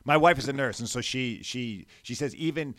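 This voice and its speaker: A young man co-hosting a radio talk show in a studio, talking casually with an energetic, teasing manner on a mic with no windscreen. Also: mid-range voice, normal speed, dry recording. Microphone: studio microphone without windscreen.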